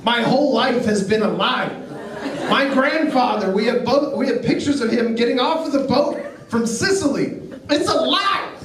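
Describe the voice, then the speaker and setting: A middle-aged man doing a stand-up comedy set, telling stories in a deadpan way and acting out quotes. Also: very high-pitched, normal speed, a crowd in the background. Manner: deadpan storytelling with acted quotes. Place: comedy club stage. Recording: echoey club, picked up from far off. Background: audience laughter.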